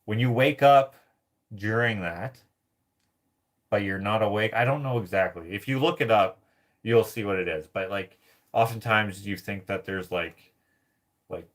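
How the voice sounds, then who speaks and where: A man's voice: lowish voice, a little slow, long pauses. A man telling a rambling personal story to camera, laughing often and filling his talk with "like". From Canada. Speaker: vlogger.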